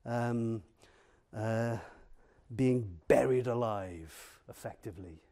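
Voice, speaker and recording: A man preaching a sermon in an earnest, emphatic way, with many pauses and fillers. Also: mid-range voice, dark tone.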